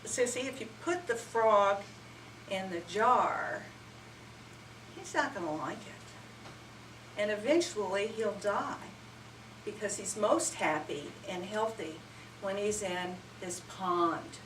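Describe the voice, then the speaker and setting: A woman voicing a patient mother gently explaining to her child in a children's story, heard from afar in a roomy hall. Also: medium pitch, animated, takes it slowly, pauses often, slight background noise. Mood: gentle. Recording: roomy hall, mic far off.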